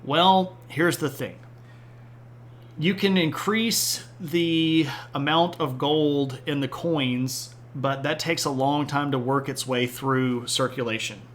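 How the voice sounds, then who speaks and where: A man's voice: fairly high pitch, fairly even intonation, slow, fairly bright tone, slight background noise. Chatty man giving a casual history lecture. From Southern United States. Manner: rambling, chatty, responds to chat with asides. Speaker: history streamer.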